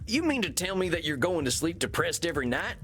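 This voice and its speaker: Game role: a homespun therapist, higher voice with bouncy swings. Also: male voice, sing-song, fast talker, a bit bright, husky, heavily acted. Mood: folksy. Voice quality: folksy drawl. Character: folksy easygoing male cowboy therapist. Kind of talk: video game voice acting.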